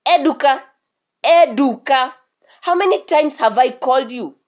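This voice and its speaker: A woman's voice: mid-range voice, animated, normal speed, a little mellow, natural voice. A woman voicing a stubborn, hot-tempered young prince who gives firm commands and raises his voice in anger. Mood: angry. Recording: dull lo-fi recording.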